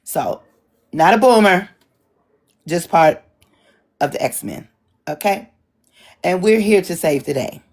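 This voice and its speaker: A middle-aged woman moderating an online town hall, chatting casually with a husky voice and joking asides. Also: sits low, expressive, slow pace, pauses often, darkish tone. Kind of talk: casual chat to an audience.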